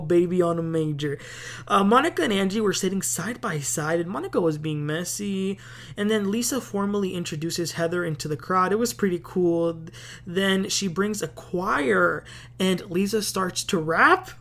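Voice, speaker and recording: A woman hosting a casual TV recap, chatty and opinionated, with plenty of filler words. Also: fairly low pitch. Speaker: host.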